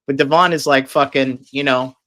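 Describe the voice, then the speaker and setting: A man's voice: medium pitch, steady tone, normal speed, sharp tone. A man telling a long, casual story, rambling and swearing heavily with lots of fillers. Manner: profane, rambling, filler-heavy.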